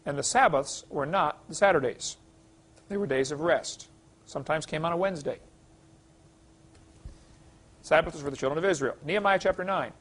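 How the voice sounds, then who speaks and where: A man's voice: sits high, moderate pace, long pauses, fairly bright tone. A middle-aged man teaching a creation science class, lecturing in a folksy, emphatic way and reading scripture aloud.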